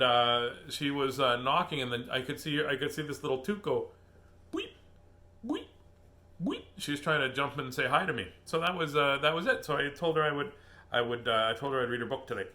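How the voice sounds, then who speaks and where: A man's voice: fairly high pitch, pushed and bright, a little hiss or hum. A middle-aged man hosting a casual book reading, rambling and laughing as he gets sidetracked. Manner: laughing, chatty, easily sidetracked. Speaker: host reading children's books aloud.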